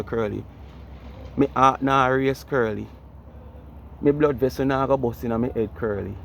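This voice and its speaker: Animated Jamaican man ranting. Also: medium pitch, slight background noise. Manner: animated, repeats the listener's name over and over; mocking, comedic. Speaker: vlogger. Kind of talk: ranting commentary.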